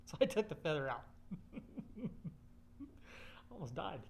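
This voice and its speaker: A man's voice: on the high side, very animated, slow, gravelly, a little hiss or hum. A man telling a rambling personal story in casual, profane, blunt speech.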